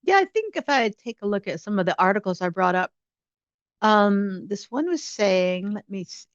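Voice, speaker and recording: A woman journalist hosts a casual interview over a video call, her voice pitched in the middle range for a woman. She talks in animated bursts, speeding up when something excites her. The audio is dull and lo-fi, with no room sound at all. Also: no room sound. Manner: animated, quick bursts of enthusiasm. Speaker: journalist host.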